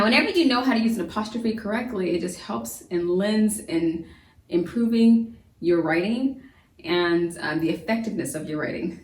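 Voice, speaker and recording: Woman homeschool teacher; casual talky delivery full of fillers, recorded from a distance in a reverberant room. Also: mid-range voice. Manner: chatty, repeats and restarts, many fillers. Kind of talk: recorded classroom lesson. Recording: roomy echo, voice from a distance.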